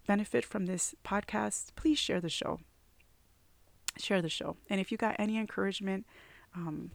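A woman's voice: on the low side, creaky, no echo. A woman hosting a faith podcast, talking earnestly and from the heart to her listeners, with frequent "you know" fillers. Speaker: podcast host.

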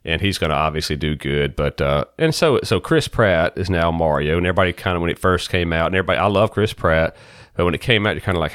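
A man co-hosting a podcast in relaxed, rambling casual chat, laughing often. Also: sits low, fast talker, no room sound, clean studio sound. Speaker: podcast co-host.

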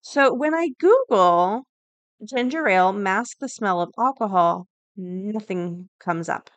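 A woman hosting a daily podcast, chatting casually and reading an article aloud, thinking out loud as she goes. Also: medium pitch, animated, slow, no room sound. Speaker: podcast host.

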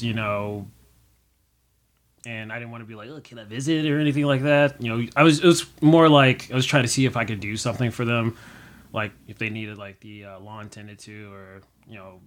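A man's voice: mid-range voice, fairly quick. A young man chatting casually as a guest, rambling with many fillers and acting out quotes. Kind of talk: casual chat.

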